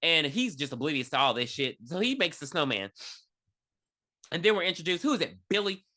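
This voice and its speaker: A man's voice: a little high, big pitch swings, brisk, pushed and bright. A man co-hosting a podcast, recapping a movie plot with sarcastic, profane commentary. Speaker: podcast co-host. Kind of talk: casual movie review chat.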